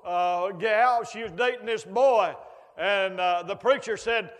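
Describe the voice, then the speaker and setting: A man preaches in a high, fairly bright voice at a slow pace, spinning folksy stories with humor and sound effects like the traveling preacher he is. The recording carries long hall reverb.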